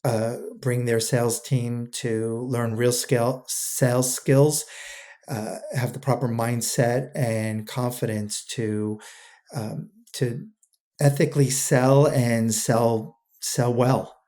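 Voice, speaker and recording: A man's voice: mid-range voice, fairly even intonation, takes it slowly, dark tone. A man, a guest on a podcast, talking earnestly and often repeating words as he gathers his thoughts. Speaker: podcast guest, two-time founder. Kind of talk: casual interview chat.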